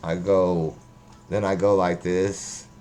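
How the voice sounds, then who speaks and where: A man's voice: deep voice, level tone, slow, mellow, a little hiss or hum. A man rambling casually and profanely on a livestream, joking as he talks. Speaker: livestream host.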